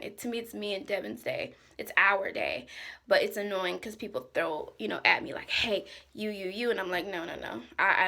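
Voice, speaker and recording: A woman's voice: a little high, creaky, a bit bright. A woman in her twenties venting frankly to camera as a stressed vlogger, exasperated and chatty. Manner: frank, exasperated, lots of "like" and "you know".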